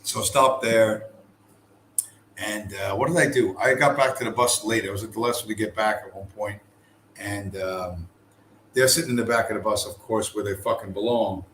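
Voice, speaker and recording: Man vlogger, low voice, rambling profane chat, echoey room with faint noise. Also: moderate pace, a bit bright. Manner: rambling, profane, many fillers and restarts. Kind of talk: casual travel chat to camera. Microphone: camera mic.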